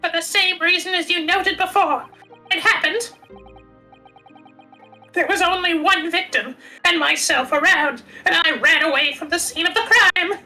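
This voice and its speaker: A woman's voice: very high voice, a little slow, bright, forceful tone, faint music behind, full character voice, poor audio. A woman voicing a despairing young male student accused of murder, self-pitying and clingy, reading a visual novel aloud. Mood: pleading.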